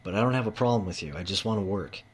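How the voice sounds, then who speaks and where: A man's voice: deep voice, lively intonation, racing, a little hiss or hum. A tradesman ranting in a heated monologue about his job, swearing often and repeating himself. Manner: profane, heated, repetitive. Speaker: manual tradesman.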